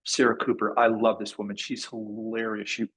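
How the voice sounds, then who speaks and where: A man's voice: lowish voice, flat delivery, moderate pace, a bit bright, rough recording. A man lecturing a class in a casual way, often restarting and repeating his words. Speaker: masterclass lecturer.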